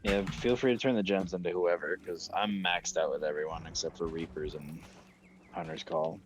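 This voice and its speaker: A man's voice: sits low, steady tone, normal speed. A man chatting casually while gaming with a friend, matter-of-fact as he lists game details. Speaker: co-op gaming partner.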